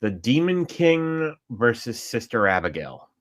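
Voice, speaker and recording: Brief: New York man, podcast co-host, jumps in quickly, emphatic agreement. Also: mid-range voice, very animated. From upstate New York. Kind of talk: casual wrestling discussion.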